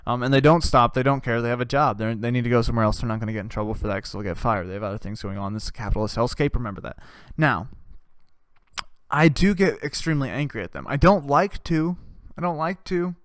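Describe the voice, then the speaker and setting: A man's voice: mid-range voice, fast talker, clean tone, dry recording, clean studio sound. A man hosting a comedy podcast, delivering a rambling, profane, worked-up rant. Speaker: podcast host.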